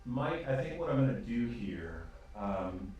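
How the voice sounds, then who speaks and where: Rambling game master in an echoey room. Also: male voice, medium pitch, very animated, a little slow, a little mellow, dull audio. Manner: rambling, hesitant, full of ums. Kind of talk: narrating a tabletop game. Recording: echoey room, distant mic, faint noise.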